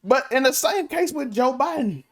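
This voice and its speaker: Expressive podcast co-host, lively pitch. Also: normal speed. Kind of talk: casual chat.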